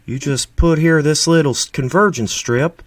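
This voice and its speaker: A man putting on a calm, soothing Southern-drawl voice of a man explaining repairs. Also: a little high, no room sound, voice pushed up, natural voice. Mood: mellow. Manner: slow, soothing, folksy. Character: mellow adult man with a slow Southern drawl.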